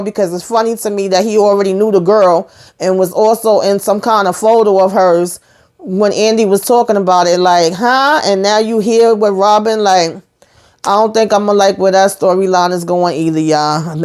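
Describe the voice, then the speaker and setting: A woman hosting her own channel, giving a casual, animated recap of a TV episode in slangy talk aimed straight at her viewers. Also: medium pitch.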